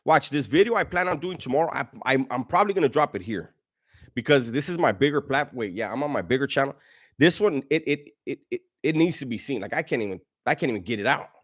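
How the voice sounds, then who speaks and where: A man's voice: medium pitch, lively intonation, quick pace, a bit bright. A man hosting a casual livestream, reading chat messages in a slangy way, laughing often and stumbling over his words.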